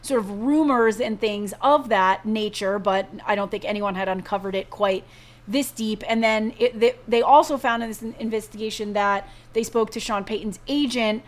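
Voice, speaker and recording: A woman's voice: medium pitch, moderate pace. A woman co-hosting a sports news chat in a casual, talkative way, with many fillers and restarts. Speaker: co-host of a sports news show.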